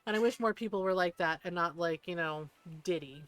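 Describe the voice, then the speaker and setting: Animated, foul-mouthed woman streamer. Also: fairly low pitch, fairly quick, faint music behind. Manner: animated storyteller, swears freely, acts out what people said. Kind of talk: casual chat on a gaming livestream.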